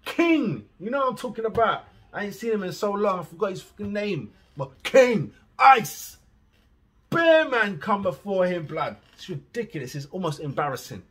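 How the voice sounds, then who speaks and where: Husky man ranting bluntly. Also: high voice, very animated, brisk, few pauses. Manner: blunt, swears freely, swings from muttering to loud outbursts. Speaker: reaction vlogger. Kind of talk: casual reaction rant.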